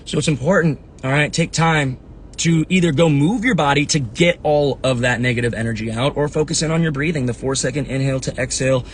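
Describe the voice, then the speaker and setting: A man's voice: mid-range voice, fairly bright tone, slight background noise. A man in his thirties, a fitness coach, giving a casual live talk on handling anger, earnest and conversational, always checking in with "right?" and "you know what I mean". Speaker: fitness coach and motivational talker. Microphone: phone or webcam.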